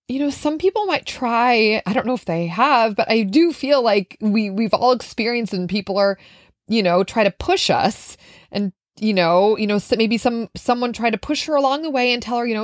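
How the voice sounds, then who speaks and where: Woman from Minnesota, solo podcast host and coach, earnest and heartfelt, a touch high, close dry sound. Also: moderate pace, no room sound. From Minnesota, USA. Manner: earnest, heartfelt, conversational with fillers. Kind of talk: reflective solo podcast monologue.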